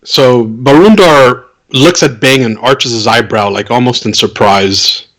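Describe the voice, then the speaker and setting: Guy playing in a tabletop game, chill and casual, mid pitched voice. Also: measured pace, low-quality recording. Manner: relaxed casual talk, describing his character's moves. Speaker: player.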